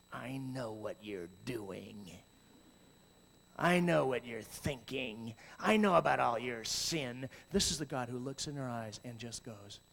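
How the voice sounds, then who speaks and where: A middle-aged man giving a talk on youth ministry, swinging from hushed, slow passages to loud, animated storytelling. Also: fairly high pitch, slight background noise. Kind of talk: conference talk. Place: large hall with audience. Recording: long hall reverb.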